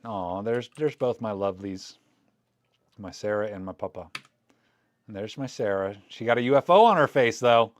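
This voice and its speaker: A photography vlogger, a man with a somewhat low voice at normal speed, chats live while scanning film, joking and thinking aloud in a casual way.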